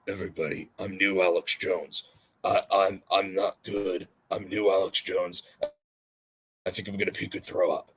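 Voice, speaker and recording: A man putting on the low, sick-sounding mumble of a queasy man. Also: a bit bright, breathy edge, full character voice.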